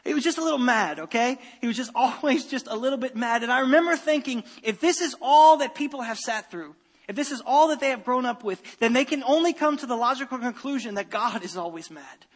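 A man preaching a sermon as pastor, animated and given to repeating his phrases and restarting sentences. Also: extremely high pitch, brisk, long reverb tail.

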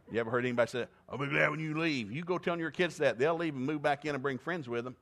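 A middle-aged man preaching a sermon, mixing scripture readings with joking asides and loud whoops of laughter. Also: a little high, quick pace, hardly any pauses.

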